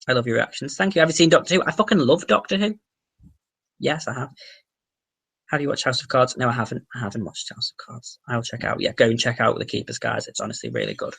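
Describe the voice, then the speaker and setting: A young Englishman chats through a casual livestream, answering viewers' questions with excitable energy. His voice is sharp and bright with a gravelly rasp underneath, and he swears casually as he talks. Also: mid-range voice. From England. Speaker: livestream host.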